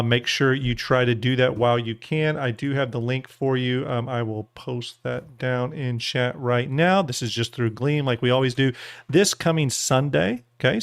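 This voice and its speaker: A man hosting a livestream talks in a loose, chatty way and often stumbles over repeated words. His voice sits at a middle pitch. The sound is close and dry, with no room around it. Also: creaky, smooth, dry recording. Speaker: livestream host. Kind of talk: casual livestream chat.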